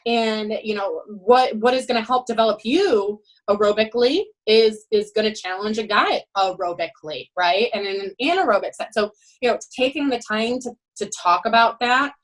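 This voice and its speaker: A woman who is a head swim coach, telling animated, emphatic stories in a podcast interview and often adding "you know" and "right.". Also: on the high side, normal speed, hardly any pauses, low-quality recording.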